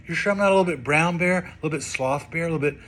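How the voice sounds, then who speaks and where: A man's voice: on the high side, rapid-fire, a bit bright, natural voice. A man voicing a worried little polar bear cub, asking over and over in a lifted voice. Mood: pleading. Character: small curious baby polar bear boy.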